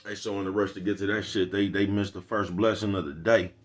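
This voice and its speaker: Low-voiced guy with an aave accent, rambling and preachy, slangy casual vlog talk. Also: level tone. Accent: African American Vernacular English. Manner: loose, preachy, slangy, drawn-out asides. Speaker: vlogger. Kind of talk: casual street monologue.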